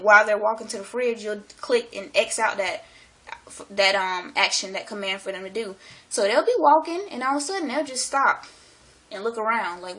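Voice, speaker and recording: A woman talking to her camera in a casual vlog monologue, excited and rambling, slangy and swearing freely. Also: medium pitch. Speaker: vlogger.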